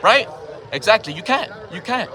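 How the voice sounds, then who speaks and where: His voice sits high with a sing-song lilt, moving at a moderate pace with a sharp edge, and a faint crowd can be heard. Recording on the phone camera he holds, the man argues heatedly with people outdoors, asking the same questions again and again and cursing.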